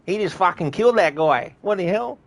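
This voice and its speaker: A man's voice: high-pitched, expressive, brisk, voice pushed up. A man voicing a rowdy, swearing Australian bloke bystander in a put-on Australian accent. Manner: loud, swearing, slangy exclamations.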